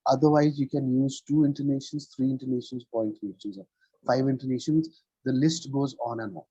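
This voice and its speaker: A man's voice: medium pitch, fairly quick, mellow, slightly rough, dry recording. A man teaching English pronunciation in a one-on-one lesson, patient and checking in often with "right?". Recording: dull lo-fi sound.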